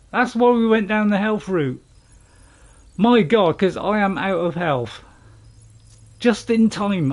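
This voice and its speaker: Narrating his own gameplay live, this gaming channel host mutters to himself and lurches from panic to calm and back. His voice sits high.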